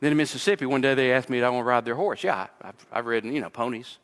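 A man, a pastor, preaching an expository sermon, mixing scripture with personal stories and rising in pitch when he presses a point. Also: racing, fairly bright tone, in a large hall.

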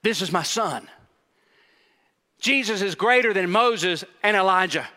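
God the Father speaks firmly and correctively from a cloud, as a preacher puts the voice on. The tone is bright, and it carries with the long reverb of a large hall. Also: high voice, lively intonation, a little slow, heavily acted.

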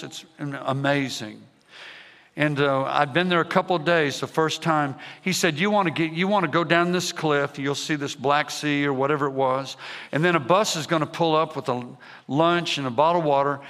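Man, preacher, energetic, bright forceful tone, long hall reverb. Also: fairly high pitch. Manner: energetic, repetitive calls to the congregation. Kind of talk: revival sermon.

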